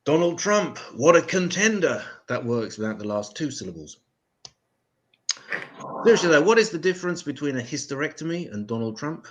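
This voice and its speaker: A man's voice: fairly high pitch, sing-song, moderate pace, fairly bright tone, muffled recording. An English man hosting an open mic comedy show, with profane, self-mocking stand-up banter. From England.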